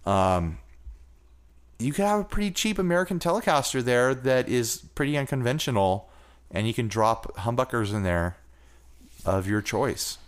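Man with a lively, bouncing voice. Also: mid-range voice, moderate pace. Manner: loose, rambling, jokey. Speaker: podcast co-host. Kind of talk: casual chat.

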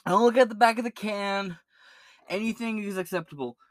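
A man's voice: high-pitched, fairly quick, dry recording, clean studio sound. A man hosting a podcast, ranting in a crude, rambling way with constant swearing. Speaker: podcast host. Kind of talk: free-form profane rant.

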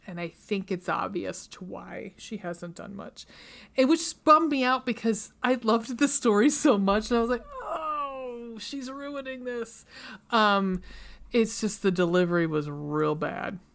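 A woman's voice: mid-range voice, creaky. A woman hosting a podcast, casually retelling a movie plot in a rambling, chatty way with many fillers, into a studio mic. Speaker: podcast host.

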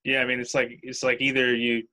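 A man's voice: mid-range voice, monotone, brisk, pushed and bright, rough recording. A man interviewing a guest in a casual chat, agreeable and reflective.

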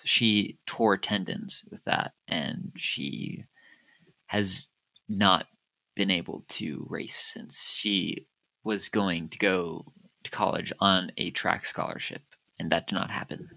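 Guy playing a jumpy stammering old classmate, sighs a lot, bright voice. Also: sits low, steady tone, takes it slowly, vocal fry, voice pushed down, full character voice. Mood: somber. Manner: flustered, stammering, sighing. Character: nervous male former classmate caught snooping.

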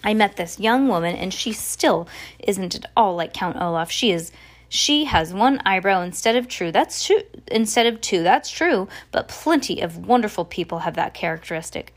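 A woman's voice: medium pitch, expressive, moderate pace, lightly acted. A woman voicing a stern male mill owner who talks bluntly and dismissively in a storybook reading.

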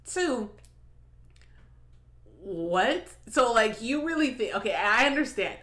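A woman's voice: a little high, animated, slow, a bit bright. A woman hosting a podcast, chatting casually with lots of laughs, profanity and filler "like"s. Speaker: podcast host. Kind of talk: casual chat commentary.

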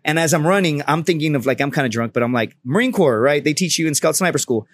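A man's voice: on the high side, animated, quick pace, no room sound. A man guesting on a podcast, telling a story in a profane, comedic way and acting out the people in it. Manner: profane, acts out the people in his stories.

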